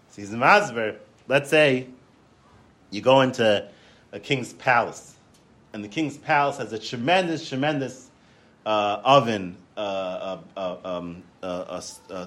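A man giving a Torah lecture, telling stories in an animated way, often repeating words and restarting. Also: medium pitch. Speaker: Torah class teacher.

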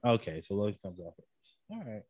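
A man's voice: lowish voice, huge pitch swings, a little fast, darkish tone, breathy edge, no echo, highs cut off. A man hosting a podcast in casual chat, joking and teasing his co-host.

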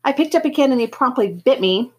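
A woman reading a novel aloud to students, expressive, with occasional slips and restarts. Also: sits high, quick pace, slightly rough.

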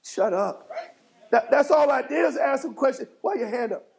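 Gravelly high-voiced preaching bishop. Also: male voice, lively intonation, normal speed, rough recording. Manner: fiery call-and-response preaching, rising to shouts. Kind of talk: sermon. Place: church sanctuary.

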